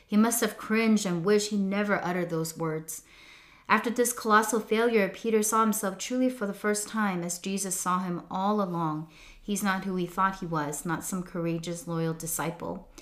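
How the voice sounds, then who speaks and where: A woman giving a scripted devotional reflection in an earnest, measured, reflective way. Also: mid-range voice, steady tone. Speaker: devotional speaker.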